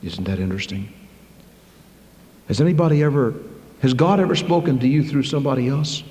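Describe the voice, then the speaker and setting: A man preaching a sermon, swinging from loud, high-pitched preaching to slow, quiet, low passages. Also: expressive. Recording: echoey hall, long reverb.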